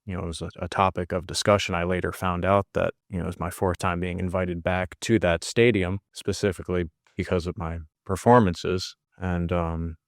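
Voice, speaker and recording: A man's voice: low-pitched, level tone, a little fast, few pauses, no room sound, studio quality. A man who fights, talking through his thoughts in a casual podcast chat, often restarting his sentences. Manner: reflective, searching for words with many restarts.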